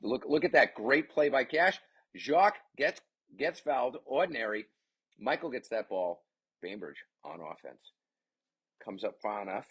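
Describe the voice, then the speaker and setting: A man giving chatty, excitable play-by-play commentary on his son's game, with rambling asides. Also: medium pitch, a little slow, breathy edge. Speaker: parent commentator.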